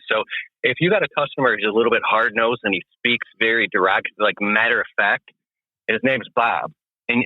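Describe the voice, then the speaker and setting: A man's voice: mid-range voice, no room sound. A man giving sales advice as a guest over a phone call, talking with confident emphasis. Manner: confident, emphatic, acts out customer talk. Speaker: guest landscaping business coach. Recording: tinny dry phone line.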